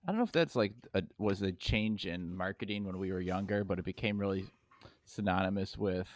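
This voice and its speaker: A man's voice: deep voice, a little fast. A man co-hosting a podcast in casual chat, asking questions and teasing the others. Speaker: podcast co-host.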